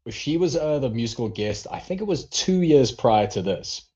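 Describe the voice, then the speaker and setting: This man co-hosts a wrestling podcast, telling loose, meandering stories full of filler words in casual conversation. He has a mid-range, expressive voice with a darkish tone, speaking at a moderate pace over dull audio.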